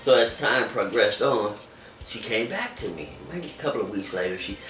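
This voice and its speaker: A man telling his life story in an interview, animated and acting out other people's voices as he talks. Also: fairly low pitch, normal speed. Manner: animated, acts out voices in quotes. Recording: echoey room, distant mic, music behind.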